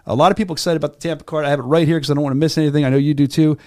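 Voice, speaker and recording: Fast-talking joking male co-host. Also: fairly high pitch, steady tone, a little mellow, no room sound, studio quality. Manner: fast, joking, teasing banter. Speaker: podcast co-host. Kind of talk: casual sports chat. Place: studio.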